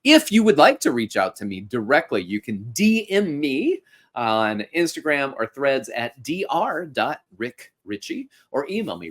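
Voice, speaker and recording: A middle-aged man hosting a podcast, giving casual, upbeat coaching advice with a joking streak. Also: mid-range voice. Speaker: podcast host and fitness instructor.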